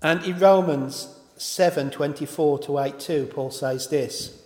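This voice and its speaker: A man's voice: on the high side, unhurried, darkish tone. A man preaching a sermon in an informal way, often stopping to correct himself and apologise. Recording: echoey hall with long reverb.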